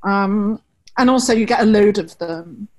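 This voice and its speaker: A woman's voice: mid-range voice, measured pace, darkish tone, low-quality recording. A woman talent manager in casual conversation, frank and chatty, giving blunt advice. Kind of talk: casual video-call conversation.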